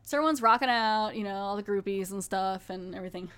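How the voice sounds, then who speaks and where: Brief: woman podcast host, casual recap, chatty with lots of fillers, mid pitch. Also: fast, a bit bright, smooth. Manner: chatty, filler-heavy, often restarts.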